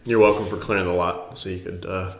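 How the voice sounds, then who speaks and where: Man, podcast co-host, lowish voice, joking, echoey church basement. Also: flat delivery, slight background noise. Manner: joking, quick reactions and laughs. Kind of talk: casual chat.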